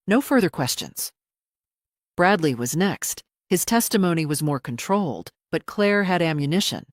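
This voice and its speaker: Woman narrating a drama, low and dry. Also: lively intonation, a little slow, no room sound. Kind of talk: scripted story narration.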